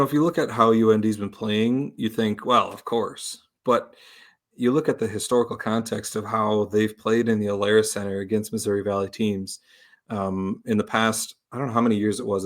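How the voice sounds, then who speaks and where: Easygoing low-voiced podcast host. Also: male voice. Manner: easygoing, chuckling, hesitant fillers. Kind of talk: casual chat.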